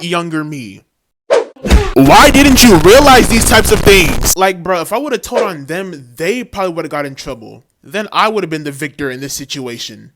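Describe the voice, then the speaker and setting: A young man narrating a comedic story from his school days in a casual, slangy, self-mocking way. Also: fairly high pitch. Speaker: storytime vlogger. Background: music.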